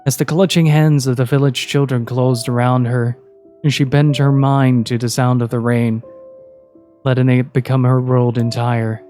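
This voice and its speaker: A man reading a story aloud in a steady, measured narration. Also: mid-range voice, soft background music.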